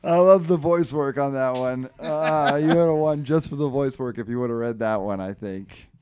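A man's voice: medium pitch, moderate pace, a little mellow, smooth, no room sound. A man co-hosting a loose comedy podcast, reading cheesy puns and cracking himself up. His voice sits mid-range for a man. The recording is dry and close. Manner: reads pun-filled comic strips aloud, laughing through them. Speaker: podcast co-host. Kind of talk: casual comedy podcast chat.

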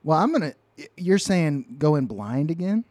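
A man's voice: a little high, big pitch swings, normal speed, a little mellow, no echo. A man co-hosting a comedy podcast in a voice that sits a little above average height. The recording is close and dry, and he reads comic captions with a wry, easygoing tone. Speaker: podcast co-host. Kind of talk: casual comedic chat.

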